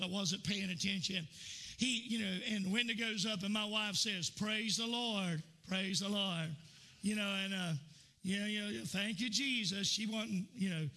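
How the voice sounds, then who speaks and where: A man's voice: high-pitched, sharp tone. A man preaching a sermon in a church, telling folksy stories full of fillers and repeats. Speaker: pastor.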